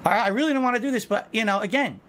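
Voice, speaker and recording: A man's voice: high-pitched, rapid-fire, a bit bright, slight background noise. A man answering in an interview, hesitant and emotional, often checking that he is understood. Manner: hesitant, keeps seeking agreement. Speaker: interview guest.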